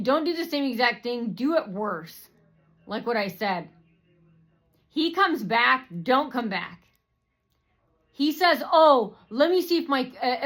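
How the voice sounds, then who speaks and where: A woman's voice: on the high side, a bit bright. A woman vlogger ranting to her viewers in a rambling, repetitive way, full of fillers and swearing. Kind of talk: rambling personal rant to camera.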